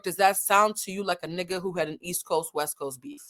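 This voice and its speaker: A woman's voice: lowish voice, steady tone, a little fast, few pauses, fairly bright tone. A woman hosting a casual commentary vlog, talking animatedly and with lots of profanity, addressing her viewers directly. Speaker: host.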